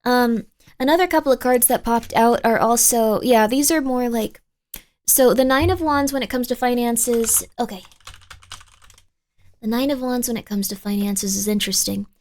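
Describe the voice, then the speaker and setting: Chatty, high-voiced woman streamer. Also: moderate pace, darkish tone. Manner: chatty, rambling, thanks viewers by name. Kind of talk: casual livestream chat with tarot reading.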